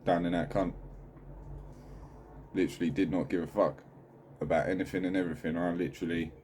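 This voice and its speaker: A man speaking candidly in a video diary, halting and full of swearing, sitting at home. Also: deep voice, steady tone, darkish tone, slight background noise. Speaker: channel host.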